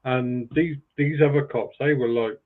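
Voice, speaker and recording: A man's voice: medium pitch, steady tone, a little slow. A man on a live panel, telling rambling stories with plenty of ums and uhs. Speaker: panel guest. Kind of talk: casual chat on a live stream. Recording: tinny phone-like call audio.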